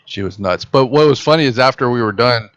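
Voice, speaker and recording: A podcast host with a mid-range voice speaks fairly quickly, playing out other people's lines as he tells a story in a relaxed chat. The sound quality is dull and lo-fi.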